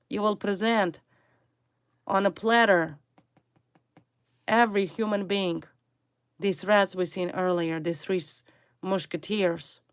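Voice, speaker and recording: A woman's voice: mid-range voice, smooth, no room sound. A woman giving a tarot reading to her viewers, stressing her points by repeating single words. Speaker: tarot reader.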